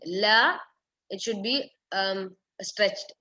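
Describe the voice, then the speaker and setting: A woman teaching a live online recitation lesson, repeating words slowly and correcting pronunciation step by step. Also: medium pitch, sharp tone. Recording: dull lo-fi stream audio.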